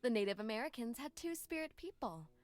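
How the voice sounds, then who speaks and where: An earnest young woman, voiced by a woman, coaxes her friend with calm, persuasive lines. She speaks in a fairly high voice and recites old verses gently, as in a story-driven game. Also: brisk. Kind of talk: video game voice acting.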